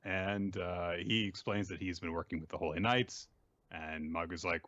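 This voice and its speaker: A man casually recapping manga chapters on a podcast, joking and putting on high voices for the characters. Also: steady tone, moderate pace, fairly bright tone, dry recording, highs cut off. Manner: jokey, puts on high voices for quoted characters.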